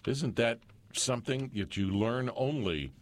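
A man's voice: medium pitch, expressive, a little slow. A man co-hosting a casual radio chat, reading from old newspapers with wry asides. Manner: gruff, wry asides, trails off with "blah, blah". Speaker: radio co-host.

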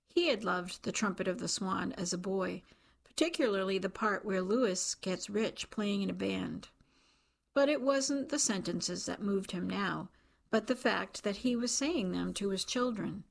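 A woman volunteer reading a novel aloud for a radio reading service, calm and measured, voicing the dialogue. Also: medium pitch, gravelly. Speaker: volunteer reader.

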